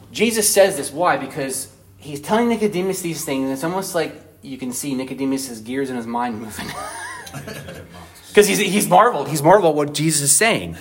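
A man teaching an informal Bible study, conversational and asking his group questions. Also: fairly high pitch.

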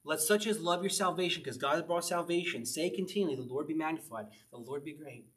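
A slightly high-voiced man teaches an informal Bible study, reading verses from the Psalms and then talking them through. He speaks casually to the group, laughs often, and wanders off on asides before coming back to the text. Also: quick pace, fairly bright tone. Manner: conversational, laughing often, reading scripture aloud. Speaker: pastor.

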